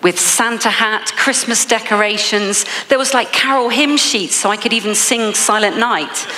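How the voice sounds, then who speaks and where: Bright English woman giving a keynote. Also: on the high side, moderate pace, long reverb tail. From England. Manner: lively storytelling with frequent laughs. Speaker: motivational speaker. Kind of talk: keynote speech.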